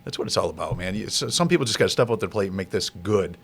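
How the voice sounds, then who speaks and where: A man's voice: low voice, lively intonation, racing. A man hosting a podcast, giving heartfelt praise to his guest in a casual interview. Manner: warm praise, short reactions. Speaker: podcast host.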